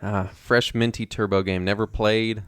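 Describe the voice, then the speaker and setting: A man's voice: on the low side, level tone, moderate pace, clear, resonant tone, dry recording, studio quality. A man co-hosting a casual unboxing chat, chatting about each item as he handles it. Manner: chatty, describes items as he handles them. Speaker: co-host.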